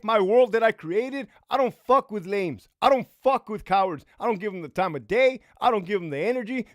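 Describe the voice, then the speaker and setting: A man's voice: high-pitched, no room sound, clean studio sound. A man hosting a live stream, telling stories and ranting bluntly with heavy swearing, acting out the quoted voices as he goes. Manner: acts out quoted voices while retelling. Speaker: livestream host. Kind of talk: casual livestream storytelling.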